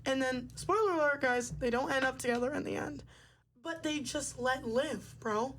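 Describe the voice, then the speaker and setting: A woman's voice: sits high, normal speed, a bit bright, a little hiss or hum, rough recording. A young woman hosting a podcast, talking in a bubbly, chatty way with lots of fillers. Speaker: podcast host. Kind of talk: casual chat.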